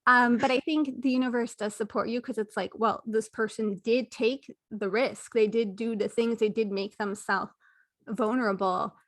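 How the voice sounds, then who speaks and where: Higher-voiced woman podcast host, dry sound. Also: fairly even intonation, moderate pace, no echo. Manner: affirming, reflective, thinks aloud. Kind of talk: casual interview conversation.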